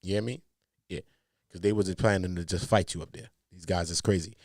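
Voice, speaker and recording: A man hosting a commentary show, talking in heavy slang, emphatic, jumping from loud outbursts to low mutters. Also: fairly even intonation, brisk, no echo, clean studio sound. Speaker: commentary host. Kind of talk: animated commentary.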